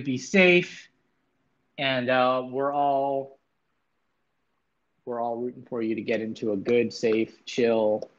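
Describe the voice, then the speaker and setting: A man's voice: mid-range voice, fairly bright tone. Casual male livestream host, dull sound. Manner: loose, chatty, swears casually, greets chatters by name. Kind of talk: casual livestream chat with viewers.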